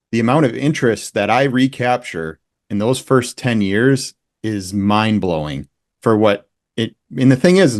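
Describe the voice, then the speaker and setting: A man with a fairly low voice, talking as a guest in a round-table chat. He builds long, explanatory points, and the sound is dry and close. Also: no echo. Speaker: panel guest.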